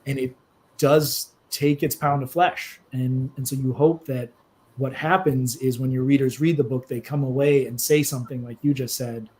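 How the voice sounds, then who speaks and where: A man, a novelist being interviewed, speaking in a reflective, halting way that turns emotional at times. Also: mid-range voice, fairly even intonation, darkish tone, poor audio.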